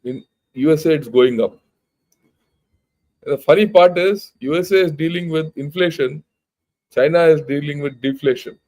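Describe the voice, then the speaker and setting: Older indian guy giving a blunt talk, bit higher voice, keeps asking rhetorical questions. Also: brisk, a little mellow, poor audio. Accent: Indian English. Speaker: retired army general giving a talk. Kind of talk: informal lecture.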